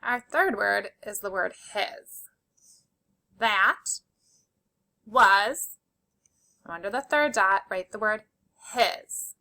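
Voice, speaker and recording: Slow, bright-voiced woman teaching spelling. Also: medium pitch, animated, vocal fry. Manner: slow, patient, sounding out letters; encouraging and praising. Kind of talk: spelling lesson for young children.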